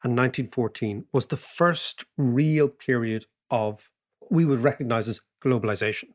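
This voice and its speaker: A man, co-hosting a podcast in casual chat, telling lively anecdotes and explaining economics. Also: medium pitch, moderate pace. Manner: animated, laughing anecdotes. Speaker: podcast co-host.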